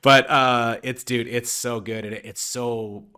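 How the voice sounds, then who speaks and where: A man's voice: mid-range voice, fairly even intonation, measured pace, sharp tone, clean tone. A man hosting a casual interview chat, talking in a laid-back way that trails off. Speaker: host.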